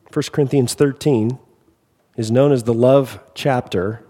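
A man preaching a sermon as a pastor, animated, with wry asides and acted-out quotes. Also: medium pitch. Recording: long hall reverb.

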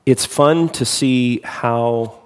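A man's voice: mid-range voice, extremely slow, smooth, big-room sound. A man preaching a sermon, casual and self-deprecating, with frequent fillers, then reading scripture aloud. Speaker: pastor.

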